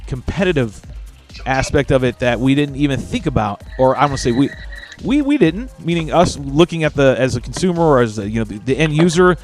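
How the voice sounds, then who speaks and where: A man hosting a podcast, telling stories in an animated, casual way and swearing freely. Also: medium pitch, a little fast, soft background music. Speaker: podcast host. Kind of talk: casual chat.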